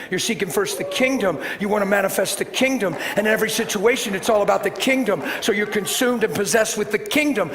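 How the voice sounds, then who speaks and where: Animated high-voiced preacher. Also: male voice. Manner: animated storytelling, swings from loud bursts to hushed tones. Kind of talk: sermon with personal story. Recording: reverberant hall with faint background hiss.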